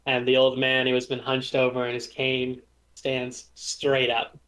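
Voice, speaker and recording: A man narrating as game master in a tabletop game, describing scenes with frequent pauses and fillers. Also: mid-range voice, monotone, a bit bright. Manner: descriptive, hesitant with many fillers.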